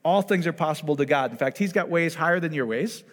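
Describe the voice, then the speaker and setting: A male pastor giving a conversational sermon, lively and animated, who keeps checking in with his congregation. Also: fairly high pitch, fast, big-room sound.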